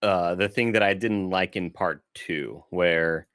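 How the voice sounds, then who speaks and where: A man co-hosting a podcast, chatting casually in an animated way with swearing. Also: low voice, slow, no room sound, clean studio sound. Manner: animated, swears, acts out mocking quotes. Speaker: podcast co-host. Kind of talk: casual chat.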